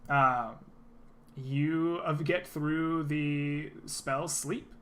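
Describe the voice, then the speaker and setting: Man, game master, tabletop narration, bright voice, slightly high, lots of uh and um. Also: drawn-out words, slight background noise. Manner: relaxed narration full of uh and um.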